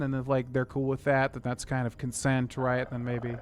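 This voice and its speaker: A man's voice: mid-range voice, monotone, quick pace, hardly any pauses, a little hiss or hum. A young man casually chatting with viewers while streaming a game, rambling with many fillers. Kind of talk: casual gameplay commentary.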